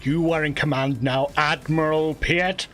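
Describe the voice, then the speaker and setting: A man's voice: a little high, steady tone, a little slow, a bit bright, soft background music. Man doing a stern Sith lord. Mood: menacing. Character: menacing male Sith lord, stern and cold.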